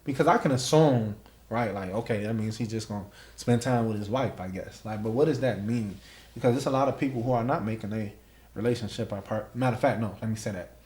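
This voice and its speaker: A man's voice: on the low side, fast, darkish tone, roomy sound. A man hosting a podcast in casual interview chat, emphatic and fond of saying "like" and "right?". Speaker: podcast host.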